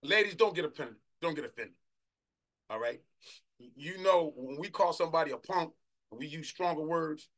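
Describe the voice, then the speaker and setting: Fervent preacher with a bright, tense voice. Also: male voice, on the high side. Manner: fervent, shouting bursts, drawn-out scripture reading. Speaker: apostle preaching. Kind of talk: sermon.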